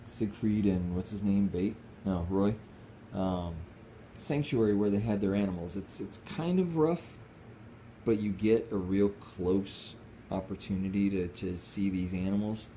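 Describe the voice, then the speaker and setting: Deep, mellow-voiced man chatting at home. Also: slight background noise. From Northeastern United States. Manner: rambling, easygoing, with restarts. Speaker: squirrel rehabber vlogger. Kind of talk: casual home vlog chat.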